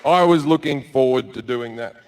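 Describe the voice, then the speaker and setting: A man's voice: medium pitch, moderate pace, background noise. A middle-aged man doing stand-up comedy, telling a crude story bluntly with lots of swearing, on a club stage with a handheld mic. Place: comedy club stage before a live audience.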